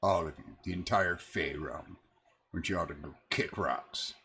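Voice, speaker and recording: A man doing a deep, resentful water elemental. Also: bright, forceful tone, a little hiss or hum, exaggerated voice. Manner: slow, heavy, resentful. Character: proud male water elemental spirit, weary of servitude.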